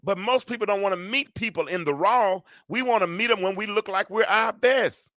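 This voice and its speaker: A middle-aged man talks through a solo talk show like a preacher, joking and calling on his listeners for agreement. His voice sits a little high and sounds bright and forceful. The recording is dry and close. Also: moderate pace, no room sound. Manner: preachy, joking, asks the audience for amens. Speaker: host.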